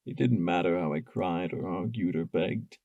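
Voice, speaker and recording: A man's voice: deep voice, normal speed, vocal fry, no echo, dull audio, voice pushed down. Man voicing a broken, whispering young stallion. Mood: broken grief. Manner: quiet, whispering, sobbing. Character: broken, guilt-ridden young stallion pony.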